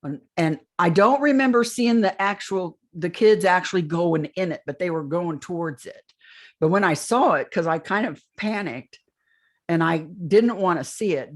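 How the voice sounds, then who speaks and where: An older woman with a fairly low voice appears as a podcast interview guest, recounting a long first-person story of a strange experience. She rambles and often restarts her phrases.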